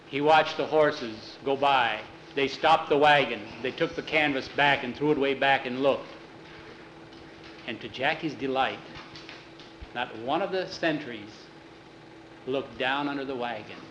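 A man's voice: mid-range voice, measured pace, pauses often, noisy background. Man telling a story in a roomy room. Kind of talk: oral storytelling. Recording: roomy echo, faint ambience.

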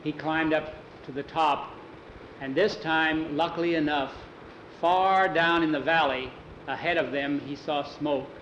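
A man's voice: on the high side, fairly even intonation, measured pace, fairly bright tone, roomy sound, dull audio, slight background noise. A man telling an improvised adventure story aloud in a casual way, with restarts and many "he said"s. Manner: casual, repeats "he said", restarts words.

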